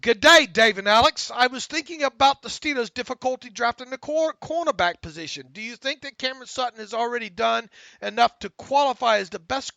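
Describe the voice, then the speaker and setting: A man co-hosting a casual sports talk podcast, excitable, often stammering and repeating words as he reads listener questions. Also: extremely high pitch, a little fast, gravelly, dry recording. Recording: dull lo-fi audio.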